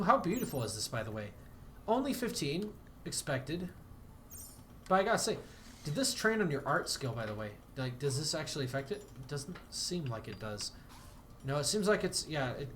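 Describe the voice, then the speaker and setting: A man's voice: fairly high pitch, a bit bright, slight background noise. A man streaming a game, chatting casually and rambling, self-deprecating, with bursts of mock outrage. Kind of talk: casual game livestream commentary.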